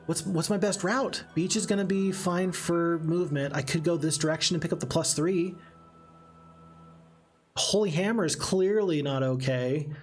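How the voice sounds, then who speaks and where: A man's voice: a little high, moderate pace. Chatty man streaming a strategy game. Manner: chatty, animated, reads chat aloud. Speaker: gaming streamer. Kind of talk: casual let's-play commentary. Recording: faint game music behind.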